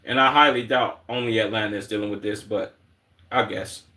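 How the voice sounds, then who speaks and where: A man's voice: on the low side, fairly even intonation, brisk, pushed and bright. A man with a Chicago accent streaming and reacting to clips in blunt, slangy, heavily profane casual talk.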